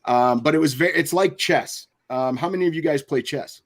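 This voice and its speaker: Slightly high-voiced man telling stories. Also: normal speed. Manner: rambling storyteller, laughs often. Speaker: podcast host. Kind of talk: casual chat.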